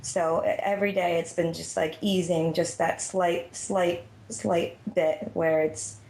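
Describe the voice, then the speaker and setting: A nervous woman with a low, gravelly voice calls in to a talk show while lying down. Her flat delivery stumbles over repeated words, and the room adds a noticeable echo. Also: unhurried. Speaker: caller. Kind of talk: emotional phone conversation. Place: lying down at home.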